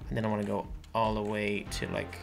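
A man chatting casually while playing a building game, thinking aloud and breaking into loud panicky bursts. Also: on the low side, monotone, quick pace, vocal fry, over music. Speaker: gaming channel host. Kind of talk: casual gameplay chat.

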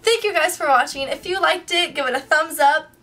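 A woman's voice: sits high, a little fast, sharp tone, distant mic, a little hiss or hum. A young woman vlogger ranting in a chatty, frustrated way to her viewers. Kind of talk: casual vlog rant.

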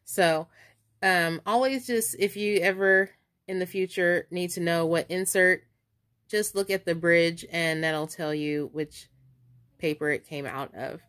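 A woman chatting excitedly in a casual vlog, stuttering now and then as she leafs through coupon inserts. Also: lowish voice, a little slow. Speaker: couponing vlogger. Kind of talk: casual show-and-tell vlog.

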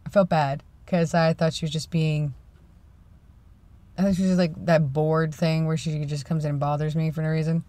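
A man's voice: a little high, level tone, normal speed, mellow, no echo. A young man in his twenties, vlogging casually in a rambling, self-deprecating way. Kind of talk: casual vlog chat.

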